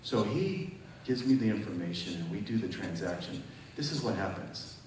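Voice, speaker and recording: A man preaching a testimony sermon to a congregation. He tells his story vividly, acting out phone calls, and rises to loud, emphatic peaks. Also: deep voice, expressive, moderate pace. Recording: distant echoey hall with noise.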